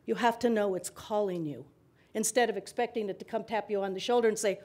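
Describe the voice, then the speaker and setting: Forum guest: woman, 60s, mid-range voice, lively conversational storyteller. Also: mid-range voice, fast talker. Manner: animated, laughs between remarks. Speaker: panel guest. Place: public forum event.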